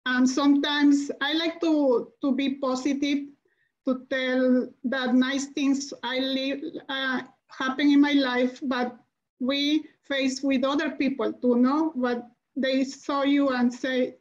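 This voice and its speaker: Slow, high-voiced immigrant mother speaking. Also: level tone, muffled recording. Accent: non-native English. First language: not English. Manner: halting, searching for words, tag "no?". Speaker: immigrant parent panelist. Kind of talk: emotional personal testimony.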